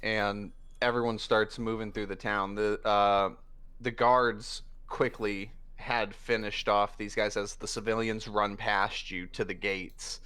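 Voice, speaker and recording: A man narrating as game master in a tabletop game, halting with many fillers. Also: lowish voice, flat delivery, bright, forceful tone, clean tone. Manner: halting, filler-heavy narration with quick voiced asides.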